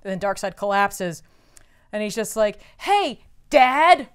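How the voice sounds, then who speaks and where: A woman co-hosting a podcast, casually recapping a comic as an animated storyteller who says "like" a lot. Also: mid-range voice, normal speed, smooth. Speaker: podcast co-host.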